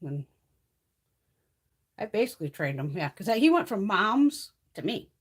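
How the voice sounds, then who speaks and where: A woman hosts a laid-back beauty livestream, chatting with viewers, swearing freely, and coaxing her cat in a high, sing-song voice. She sounds very animated and unhurried, with a slightly rough edge.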